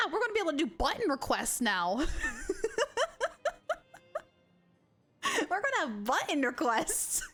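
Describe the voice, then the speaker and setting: Young woman streamer, high and bouncy voice, gushes and giggles with her chat, faint music underneath. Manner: excitable, gushing, giggly. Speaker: game streamer.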